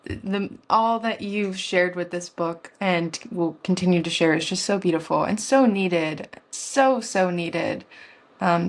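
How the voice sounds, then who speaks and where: A woman hosting an interview, talking in gushing, rambling sentences with many restarts. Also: on the low side. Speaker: interview host. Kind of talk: conversational interview.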